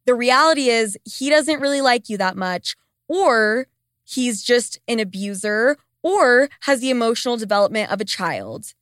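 A woman's voice: fairly high pitch, lively intonation, normal speed, fairly bright tone, no echo, studio quality. A young woman hosting a casual advice podcast, blunt and profane, answering listener letters.

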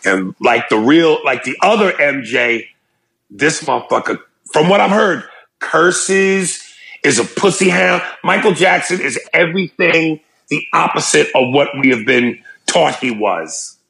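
A man co-hosting a casual podcast, talking in a high, gravelly voice. He swings his pitch around a lot and keeps things loose and animated, often dropping into little impressions. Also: unhurried. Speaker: podcast co-host.

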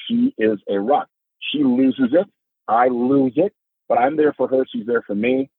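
A middle-aged man, a podcast guest, telling about family life with earnest, emphatic storytelling. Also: no room sound. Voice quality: husky. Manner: earnest, emphatic storytelling, rising pitch when moved. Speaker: podcast guest, father of a son with epilepsy. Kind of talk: podcast conversation. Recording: dry phone-like remote line.

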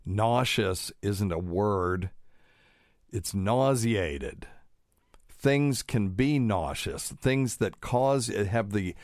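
Man, very low voice, dry close sound, rambling casual talk, lots of ums. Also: a little mellow, no room sound. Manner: rambling, digressive, many fillers. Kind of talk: casual talk, reading news aloud.

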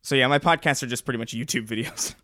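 Male co-host, quick and halting, casual chat, dry close mic. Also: medium pitch, sharp tone, dry recording. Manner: quick, hesitant, repeats words. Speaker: podcast co-host.

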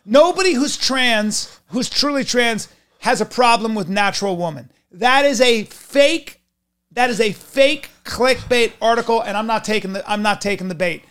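Comedy podcast co-host, man, strikingly high voice, profane and sarcastic rants. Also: normal speed, fairly bright tone, clear, resonant tone. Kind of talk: casual comedic chat.

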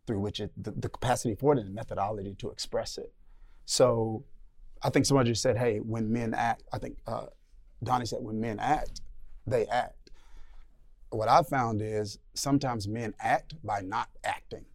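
A man's voice: fairly low pitch, a little fast. A man on a discussion panel, talking thoughtfully and searching for his words. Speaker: panel guest.

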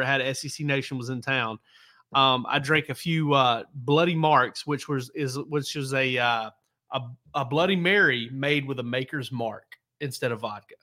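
Bright-voiced man telling rambling stories. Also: medium pitch. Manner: rambling, self-correcting, laid-back storyteller. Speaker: sports reporter. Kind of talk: casual podcast storytelling.

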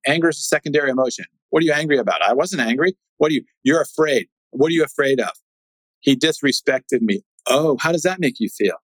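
Man, 60s, emphatic speaker with punchy questions, mid-pitched, close dry sound. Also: dry recording, low-quality recording. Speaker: speaker on conflict resolution. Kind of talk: animated talk to an audience.

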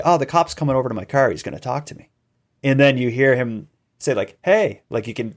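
A man, a podcast guest in an interview, telling events at length and acting out quoted voices. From Canada. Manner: animated storytelling, acting out quoted calls with rising pitch. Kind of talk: conversational interview.

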